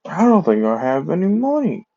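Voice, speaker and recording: A man's voice: a little high, huge pitch swings, normal speed, vocal fry, warm tone, highs cut off, voice pushed up, heavily acted. A man voicing a slightly drunk teenage boy ninja who hiccups and apologizes tearfully in a raised voice. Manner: slurring, sobbing apology.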